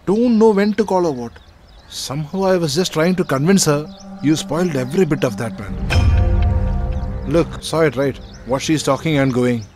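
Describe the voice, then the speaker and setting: A man's voice: fairly high pitch, normal speed, a little mellow, faint music behind, natural voice. A man voicing an irritable, threatening young man. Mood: irritated. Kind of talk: film dub acting.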